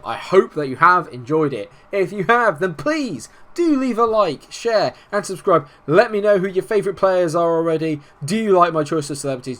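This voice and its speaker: A young man casually commenting on his football management game, getting excitable and shouting at big moments. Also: a little high. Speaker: gaming YouTuber.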